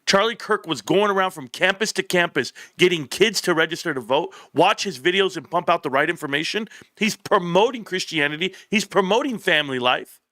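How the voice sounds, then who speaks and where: A man hosts his own commentary show from a room set up for it, talking with building passion and emphatic repetition. His voice is bright and forceful, and the dry, close sound has almost no room echo. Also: sits high, lively intonation, brisk, few pauses. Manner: impassioned, growing heated and emphatic, repeats phrases. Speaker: political commentary show host. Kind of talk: opinionated commentary.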